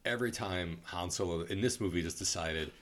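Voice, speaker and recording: A man's voice: sits low, brisk, a bit bright. A man chatting casually about a movie he liked, swearing freely and acting out quotes. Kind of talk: casual movie review chat.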